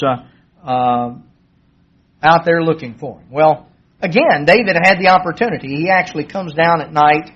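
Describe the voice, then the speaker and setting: Husky high-voiced man preaching. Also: fairly bright tone. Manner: conversational, acts out quoted dialogue in a raised voice. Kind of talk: sermon retelling a Bible story. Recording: dull lo-fi sermon recording.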